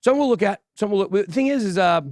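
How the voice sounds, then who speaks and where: Joking, fairly high-voiced man host. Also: lively intonation, very fast, darkish tone, dry recording, clean studio sound. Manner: joking, boastful banter with crew and chat. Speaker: host of a crypto news livestream. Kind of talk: casual livestream commentary.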